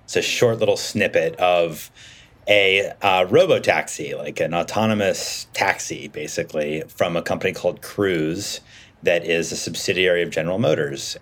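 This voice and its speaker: Deep-voiced man explaining as a guest. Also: moderate pace. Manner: thinking aloud with fillers and restarts, animated when retelling. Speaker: guest expert. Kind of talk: conversational interview answers.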